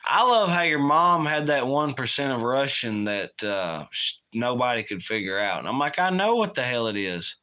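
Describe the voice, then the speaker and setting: A man's voice: mid-range voice, expressive, normal speed, few pauses, sharp tone. A man hosting a casual livestream, rambling and swearing while he reads chat aloud. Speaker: livestream host.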